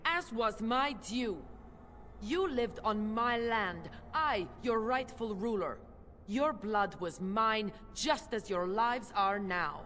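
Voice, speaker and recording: A woman's voice: fairly high pitch, expressive, slow pace, fairly bright tone. A cruel witch baroness, arrogant and imperious, mocking those who defy her. Her voice carries a long reverb tail, with faint noise behind it. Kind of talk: video game voice acting.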